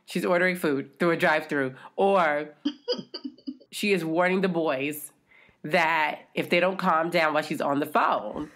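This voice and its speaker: A woman co-hosting a podcast, telling stories in an animated, teasing way and acting out what others say. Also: low-pitched, a little slow. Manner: animated, teasing storyteller who acts out quotes. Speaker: podcast co-host. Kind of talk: casual chat.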